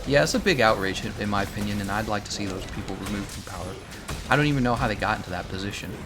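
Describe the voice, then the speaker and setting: A man's voice: fairly low pitch, rapid-fire, music in the background. A young adult man streaming a game, chatting casually and with strong opinions, laughing often. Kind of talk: casual livestream chat while playing.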